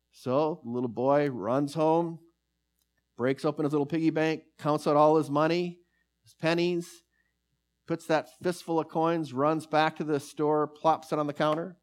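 A man's voice: on the high side, fairly even intonation. Man preaching a sermon. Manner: storytelling with slow, emphatic pauses; reads scripture passages aloud.

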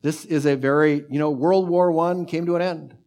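A man preaching a sermon, fervent and earnest, surging up in bursts and dropping to soft, drawn-out lines. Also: fairly high pitch, fairly even intonation. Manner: fervent, pace and volume swell then drop to soft near-whisper.

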